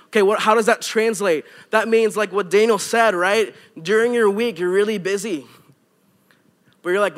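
Young guy pastor, kinda high voice, chatty lively sermon with little jokes. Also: normal speed. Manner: animated, conversational preaching with asides.

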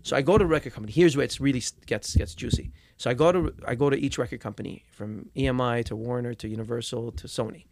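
The young man, a musician being interviewed casually, talks fast in a mid-range voice with hardly any pauses, over a dry recording. He tells his story with lots of cursing and repetition, turning loud when angry.

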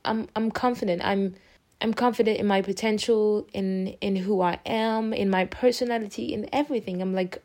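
In a casual monologue, a young adult podcast host speaks in a mellow voice at medium pitch. She offers a frank, meandering personal update, repeatedly restarting her thoughts, showing her emotions openly and calling her listeners affectionate names.

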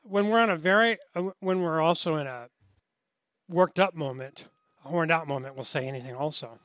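A man's voice: a little high, normal speed, a bit bright, no echo. A man co-hosting a dating podcast, agreeable and joking in casual chat. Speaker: podcast co-host.

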